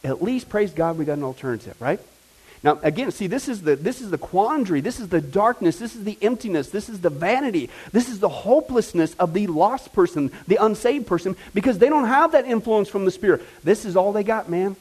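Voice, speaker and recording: A man preaching with a fairly high voice, talking to his congregation in a loose, conversational way. He keeps checking in with his listeners and bursts into excited exclamations. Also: a little fast, slightly rough, rough recording. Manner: lively, conversational preaching with frequent "okay?" check-ins. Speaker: pastor. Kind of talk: sermon.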